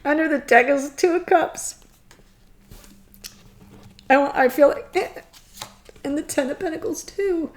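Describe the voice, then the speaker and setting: A woman's voice: sits high, takes it slowly, long pauses, a little mellow. A woman giving a tarot reading to camera, gushing and tearful, laughing through her emotion. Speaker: tarot reader.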